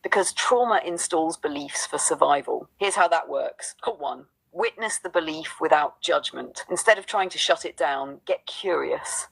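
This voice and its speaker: A woman's voice: sits low, normal speed, gravelly, few pauses, slightly rough, poor audio. A woman co-hosting a spiritual talk, speaking in a rhythmic, affirming spoken-word cadence. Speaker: co-host.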